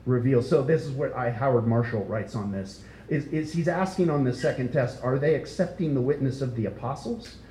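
A man delivers an expository sermon in a mellow, warm tone, speaking conversationally and stressing key words. He often puts questions to the congregation. The sound is roomy, with a faint low rumble behind him. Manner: conversational, emphatic, asks the listeners questions. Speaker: pastor.

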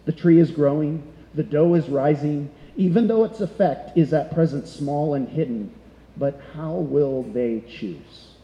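A man's voice: a little high, a little slow, dark tone, muffled recording. A middle-aged man preaching a sermon as pastor, conversational and full of rhetorical questions. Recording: echoey hall.

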